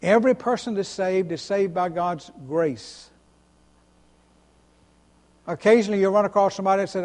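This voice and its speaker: In a large hall, a pastor with a high-pitched, slightly mellow voice preaches at normal speed, leaving long pauses. He is emphatic, repeating words, stressing them one by one, and questioning the congregation so they respond.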